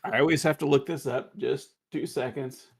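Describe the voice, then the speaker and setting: A man narrating as game master for a tabletop game, halting and restarting often as he describes the action. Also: mid-range voice, fairly even intonation, creaky, breathy edge. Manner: halting, with many restarts and fillers.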